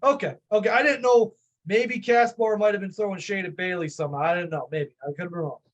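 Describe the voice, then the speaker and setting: A man with a Chicago accent, a panelist in a casual political discussion, chatty and thinking out loud. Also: high voice, a little fast, lo-fi sound. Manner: chatty, musing, self-questioning.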